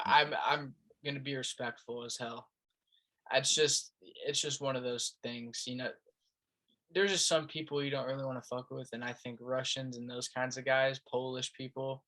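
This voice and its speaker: A man's voice: medium pitch, fairly even intonation, unhurried, pushed and bright. A young man from Las Vegas hosting a casual podcast interview, easygoing and agreeable, often chiming in with short affirmations. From Las Vegas, United States. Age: young adult. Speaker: podcast host.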